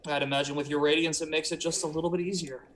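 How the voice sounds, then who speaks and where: A man's voice: a little high, flat delivery, racing, fairly bright tone, slight background noise, lightly acted. A man voicing an earnest male Dragonborn paladin from the north, polite and a little hesitant in a tabletop game.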